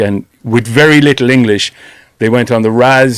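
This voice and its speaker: A man's voice: mid-range voice, fast talker, clear, resonant tone, no room sound. A man hosting a radio show in the studio, chatty, recounting long anecdotes to his guest. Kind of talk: radio interview. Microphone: studio microphone, close and dry.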